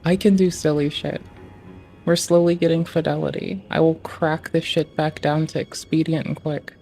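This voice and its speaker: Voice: mid-range voice, little pitch movement, normal speed, gravelly, dark tone, soft background music. A streamer talking casually and swearing freely, muttering to themself and asking the screen questions while fiddling with game graphics settings. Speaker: livestreamer.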